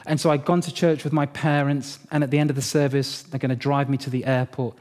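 A middle-aged man preaching a sermon as pastor, telling a story in a lively, humorous way. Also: medium pitch, quick pace.

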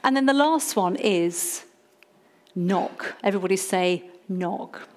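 A middle-aged woman preaching to her congregation with lively, humorous energy. She has an everyday mid-pitched voice and brings the room in by getting them to repeat words back to her. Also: unhurried. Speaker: church leader. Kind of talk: sermon.

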